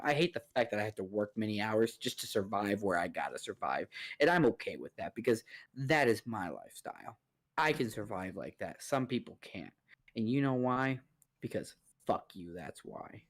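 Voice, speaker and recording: A man's voice: lowish voice, big pitch swings, normal speed. Profane ranting man from the Midwest. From American Midwest. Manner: profane, ranting, laughs often. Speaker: podcast guest. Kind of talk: casual chat.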